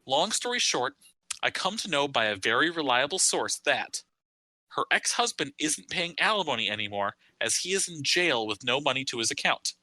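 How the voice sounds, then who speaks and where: A man's voice: mid-range voice, big pitch swings, moderate pace, pushed and bright, no room sound, low-quality recording. A man in his thirties co-hosting a casual podcast, reading a long online post aloud with wry asides. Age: 30s. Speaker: podcast co-host.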